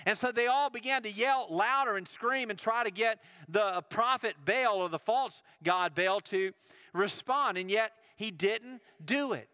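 A man preaching with a high, bright voice, retelling scripture and voicing its characters in an easygoing, conversational way. The sound is dry and close, with no room echo. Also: moderate pace, clear, resonant tone. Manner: storytelling, acts out biblical dialogue casually. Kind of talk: sermon.

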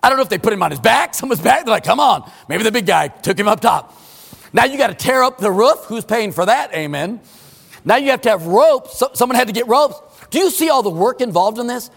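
High-pitched preacher guy, emphatic, gets loud then hushed, church echo. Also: expressive, brisk, gravelly. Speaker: pastor. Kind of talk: sermon. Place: church sanctuary.

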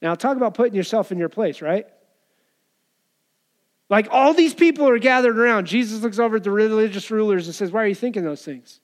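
A man with a fairly high voice preaches a sermon. He keeps it conversational and throws rhetorical questions at the congregation. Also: animated, fairly quick, long pauses. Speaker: pastor.

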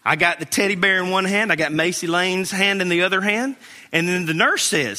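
A man's voice: high-pitched, fairly quick, bright, forceful tone. A man preaching a sermon as pastor, earnest and storytelling, building to emphatic peaks. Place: church sanctuary. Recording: long reverb in a large hall.

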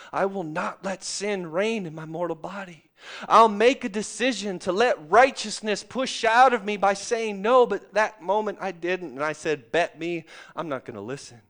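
A middle-aged man preaching a sermon, calling out to the congregation and swinging from loud, excited stretches to soft, hushed ones. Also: a little high. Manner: calls out to the congregation.

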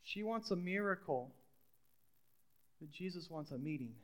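A man's voice: fairly high pitch, expressive, measured pace. A middle-aged man preaching a sermon in a conversational way, repeating phrases and putting questions to the congregation. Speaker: pastor.

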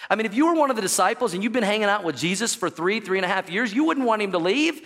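High-voiced, lively man preaching. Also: rapid-fire. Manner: animated, calls out to the congregation for answers; jokey storytelling asides. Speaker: pastor. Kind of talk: sermon. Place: church sanctuary.

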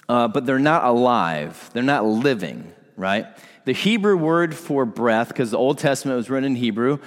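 Man preaching in a reverberant hall. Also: medium pitch. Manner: conversational, asks the congregation to respond. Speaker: pastor. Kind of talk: sermon.

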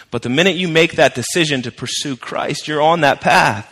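Brief: male pastor with a fairly high voice, conversational and emphatic, repeats points for weight, recorded with long reverb in a large sanctuary. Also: normal speed, fairly bright tone. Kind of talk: sermon.

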